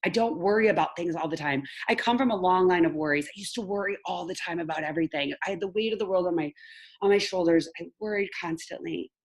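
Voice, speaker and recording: A woman coach speaks on a video call in a somewhat low voice, warm and unguarded as she tells her story. Her manner is emotional and candid, and she laughs at her own slips. She talks directly to the people watching her live class. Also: fast. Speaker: mindset coach.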